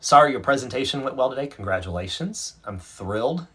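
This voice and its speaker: A man hosts a relaxed livestream and reads out viewer comments one by one. His voice is husky and a little breathy. He talks in a chatty, self-mocking way and laughs easily. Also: mid-range voice, a little fast. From North Carolina, USA. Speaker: livestream host. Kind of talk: casual live chat, reading out viewer comments.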